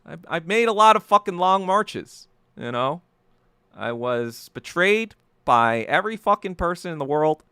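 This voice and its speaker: Male podcast host, angry profane rant, stammering restarts, crisp smooth voice, animated pitch. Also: measured pace, dry recording, clean studio sound. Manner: heated, profane ranting; repeats and restarts words when agitated. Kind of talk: solo podcast monologue.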